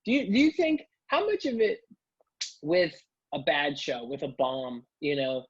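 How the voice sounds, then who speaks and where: Male podcast host who rambles through questions, slightly high voice, muffled lo-fi audio. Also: huge pitch swings, measured pace, slightly rough. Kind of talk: casual interview chat.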